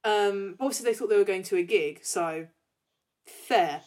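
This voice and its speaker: A young woman co-hosting a podcast, chatting casually and acting out scenes with big jumps in pitch. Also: moderate pace, darkish tone. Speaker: podcast co-host. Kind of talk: casual chat.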